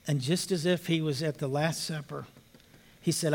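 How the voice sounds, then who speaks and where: Older man, pastor, high-pitched voice, sermon, hushed then emphatic. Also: moderate pace. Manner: storytelling, swings from hushed to emphatic.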